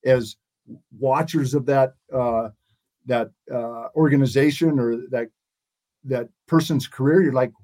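A guest in his sixties tells stories during a casual interview, rambling and often restarting sentences. His mid-range voice is dark and steady, and he keeps a measured pace.

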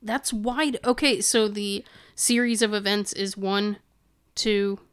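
A woman's voice: medium pitch, steady tone, slow pace, clean tone. A woman co-hosting a podcast, asking short questions in casual chat. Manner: brief backchannel replies and questions. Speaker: podcast co-host.

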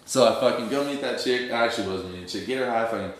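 A man's voice: mid-range voice, very fast, noisy background. A young man with a mid-range voice tells a story in loose street slang, sometimes acting out what people said. He is recorded in a very reverberant room, with a strong echo off the walls. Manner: streetwise slang-heavy storytelling, acts out quoted dialogue. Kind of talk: casual storytelling. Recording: very echoey room.

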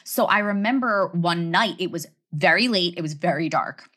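A woman telling a story in a casual chat, animated and full of "like" fillers. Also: fairly low pitch, moderate pace. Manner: animated, lots of "like" fillers, acts out quotes.

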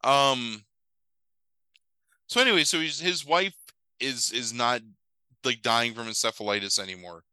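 A man's voice: mid-range voice, unhurried, pauses often, clear, resonant tone, dry recording, low-quality recording. Rambling, profane man recapping a film. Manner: rambling, profane, animated retelling with quoted voices. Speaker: podcast co-host recapping a movie. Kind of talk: casual chat.

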